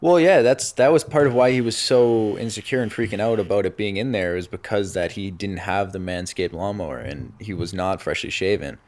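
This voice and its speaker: A man's voice: lowish voice, brisk, few pauses. A young man co-hosting a podcast, telling a story in casual chat and laughing as he goes. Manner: animated storyteller, laughs through his own story. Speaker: podcast co-host.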